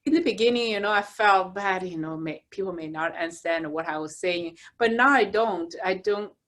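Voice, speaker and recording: A woman's voice: lowish voice, normal speed, a bit bright. A woman guest in an interview, reflecting on her experiences in non-native, broken English. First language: not English. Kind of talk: casual interview chat.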